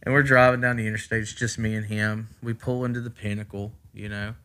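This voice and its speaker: A man, a podcast host telling a long story in casual chat, swearing freely and loudly acting out what people said. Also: lowish voice, fast talker. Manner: profane, animated storyteller who acts out quotes loudly.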